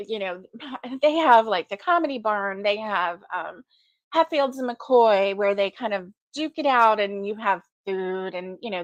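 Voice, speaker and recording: A woman's voice: medium pitch, fairly bright tone, dry recording. A middle-aged woman hosting a casual morning crochet livestream, chatty and sleepy, yawning now and then as she greets viewers. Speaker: crochet channel host.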